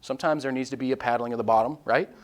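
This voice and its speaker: Animated man leading a Bible study. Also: medium pitch, rapid-fire. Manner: animated, acts out quoted voices and prayers; candid and self-deprecating. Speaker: small-group Bible study leader. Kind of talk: informal teaching to a group.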